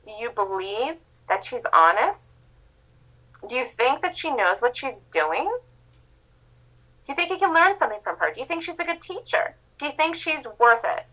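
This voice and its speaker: A gentle male pig consoles a sad friend in a little storybook aside, pleading softly. A woman puts him on, with a bright, slightly high voice. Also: exaggerated voice, low-quality recording.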